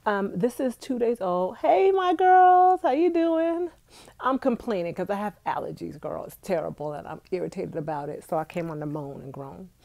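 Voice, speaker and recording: Stuffy young woman vlogging live, gravelly low voice, mellow and dry. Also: fairly quick, few pauses, dry recording. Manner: chatty, complaining, talks to viewers directly. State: congested with allergies. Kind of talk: casual live-stream chat. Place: indoors at home.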